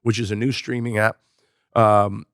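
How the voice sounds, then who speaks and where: A man's voice: on the low side, flat delivery, normal speed, no echo, clean studio sound. A man, a comedian co-hosting a podcast, telling a loose, profane story in casual chat.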